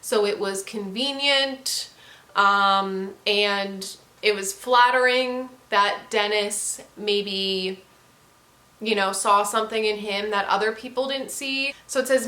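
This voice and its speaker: A woman's voice: medium pitch, slow pace, pushed and bright. A woman casually reviewing books on her channel, gushing and candid and swearing freely. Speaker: book reviewer. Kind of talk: casual book review vlog. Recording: echoey room.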